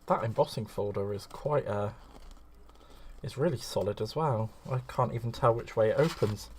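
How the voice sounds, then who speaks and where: A man's voice: lowish voice, normal speed. A man hosts a live crafting stream in a loose, chatty voice. He rambles and gushes, and he greets his viewers fondly by name. A faint hiss sits under the recording. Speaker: craft livestream host.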